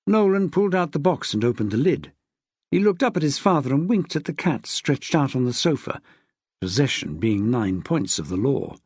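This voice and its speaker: Guy reading a novel aloud, husky voice that swings way up and down, dry close mic. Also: normal speed, no echo. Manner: expressive, shifts pitch for characters. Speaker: audiobook narrator. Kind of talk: scripted narration.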